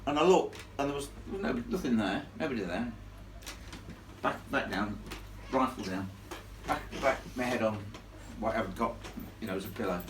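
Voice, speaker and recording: A man's voice: medium pitch, moderate pace. A man spins a true ghost yarn for a live audience, his voice swinging widely up and down as he piles on blunt, salty asides. He is caught from a distance in an echoey room, with a faint hum of ambience behind him. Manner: animated, blunt, salty storyteller. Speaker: ghost storyteller. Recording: echoey room filmed from far off.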